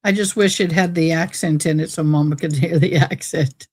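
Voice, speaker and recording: A woman's voice: low voice, steady tone, moderate pace, a little mellow, husky, no room sound, studio quality. A woman chatting casually on a livestream in a folksy, rambling way. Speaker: livestream host.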